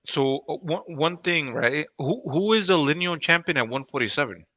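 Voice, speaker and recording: A man with a bright, tense-edged voice talks casually about boxing, rambling and swearing freely. His fillers pile up as he circles his point. The sound is dry and close. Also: fairly high pitch, lively intonation, moderate pace, no echo. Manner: rambling, profane, full of fillers. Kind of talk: casual chat.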